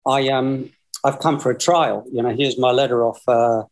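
A man's voice: mid-range voice, fairly even intonation, normal speed. A man in his sixties with an Australian accent, a guest telling long, rambling stories and chuckling through them over a video call. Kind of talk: casual storytelling.

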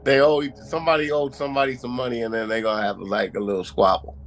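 A man's voice: mid-range voice, level tone, fast talker, slight background noise. A man co-hosting a true crime podcast, reacting in a laid-back, opinionated way. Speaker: podcast co-host. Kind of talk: casual chat.

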